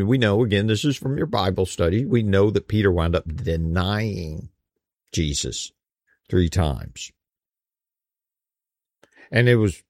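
A man's voice: mid-range voice, darkish tone, no echo, clean studio sound. A man teaching a Bible study in a casual, conversational way, with folksy slang and frequent "you know.".

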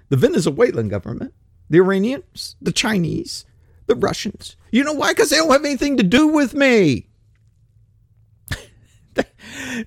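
Male radio host, ranting and sarcastic, dry close-miked sound, lively pitch jumps. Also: no room sound. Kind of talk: solo political commentary.

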